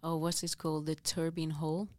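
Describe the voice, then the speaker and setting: A woman from Italy with an Italian accent, a guest musician in casual chat, easygoing and quick to laugh. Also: low voice, monotone, no echo, studio quality. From Italy, near Venice.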